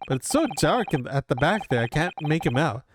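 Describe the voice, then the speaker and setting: A man reads the part of an earnest young rookie lawyer who sounds a little unsure of himself. His voice sits slightly high and moves lively. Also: brisk, noisy background. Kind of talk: reading game dialogue aloud.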